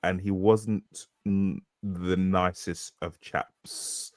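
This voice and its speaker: A man's voice: deep voice, flat delivery, extremely slow, dry recording. Man rambling with a dry close sound. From Britain. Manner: rambling, laughing often, restarting sentences. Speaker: podcast co-host. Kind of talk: casual chat.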